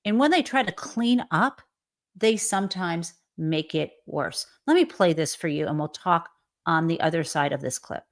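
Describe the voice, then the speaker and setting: A woman's voice: lowish voice, moderate pace. A woman hosting a live commentary show, talking with emphatic indignation and frequent fillers. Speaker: host.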